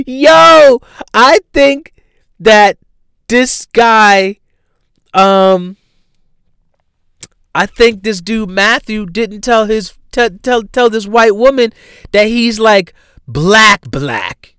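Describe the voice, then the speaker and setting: A man telling a funny personal story in a casual, animated way, laughing often and using slang and swearing. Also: sits high, slow, long pauses, clear, resonant tone, no echo, clean studio sound.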